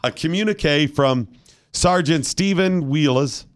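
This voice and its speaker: A man hosting a talk show, ranting with mock solemnity and breaking into loud indignant outbursts. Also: a little high, unhurried. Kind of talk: comic rant on a talk show.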